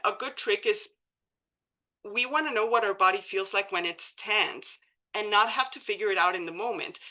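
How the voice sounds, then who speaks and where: Woman trainer at a meeting, bright tone, informal and chatty, muffled room recording. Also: medium pitch. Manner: casual, many likes and ums, self-correcting. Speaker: presenter at a coalition meeting.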